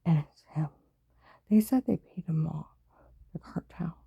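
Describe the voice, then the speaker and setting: A woman vlogging in a rambling personal monologue, mostly in an unvoiced whisper with sudden louder outbursts, telling her story in urgent run-on bursts. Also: low voice, unhurried, gravelly, husky, no room sound, lo-fi sound.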